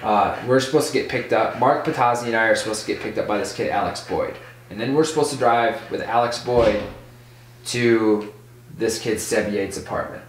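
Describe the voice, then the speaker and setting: A man who is a podcast guest telling a casual story in an animated way, full of "like". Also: on the low side, normal speed, distant mic, slight background noise. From Michigan. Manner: animated, full of "like", acts out voices in quotes. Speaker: podcast guest, BMX rider. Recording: echoey room, off-mic.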